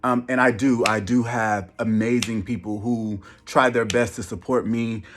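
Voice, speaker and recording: A man vlogging casually, stumbling and repeating words with many pauses. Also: mid-range voice, fairly even intonation. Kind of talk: casual vlog talk.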